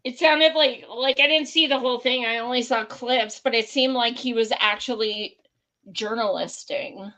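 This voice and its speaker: A woman's voice: on the high side, steady tone, moderate pace, sharp tone, low-quality recording. A woman hosting a podcast, talking politics in a blunt, heated, profane way. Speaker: podcast host. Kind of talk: casual political chat.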